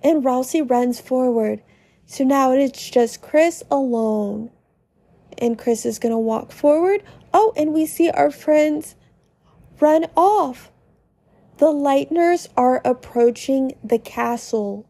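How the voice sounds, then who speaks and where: A woman host reading a video game aloud in a very slow, expressive way, pausing to react. Her voice is high yet mellow, and the sound is dry and close. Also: dry recording. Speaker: podcast host. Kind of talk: narrating a video game playthrough.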